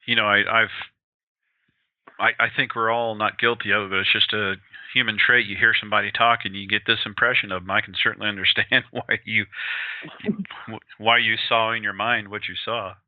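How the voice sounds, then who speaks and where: A man from Colorado hosting a radio interview, talking in a relaxed, conversational way and telling stories with small hesitations. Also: fairly low pitch, no room sound. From Colorado, USA. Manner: relaxed, conversational, halting storyteller. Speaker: radio host. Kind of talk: interview chat. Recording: tinny phone-line sound.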